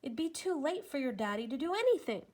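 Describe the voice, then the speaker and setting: A woman playing a hot-tempered young girl, blunt and scornful, her voice fairly high. She snaps and accuses in a storybook reading. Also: very animated, brisk, a little mellow. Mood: furious. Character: fierce, angry young Black girl.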